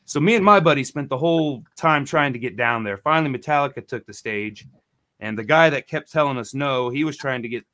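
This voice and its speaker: Speaking a little fast in a mid-range voice, a man in his forties co-hosts a laid-back podcast. He rambles through a profane story, acting out quotes with animation.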